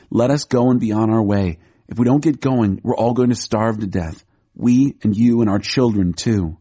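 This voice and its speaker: Guy narrating a grown son pushing his dad hard, urgent, husky low voice. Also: dark tone.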